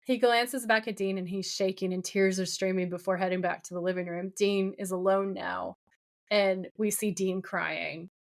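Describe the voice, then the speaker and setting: A woman talks through a TV episode with her co-host in easy, filler-heavy chat. Her pitch sits in the middle of the range. She jumps between retelling scenes and her own opinions. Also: steady tone, moderate pace. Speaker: podcast co-host. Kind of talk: casual recap chat.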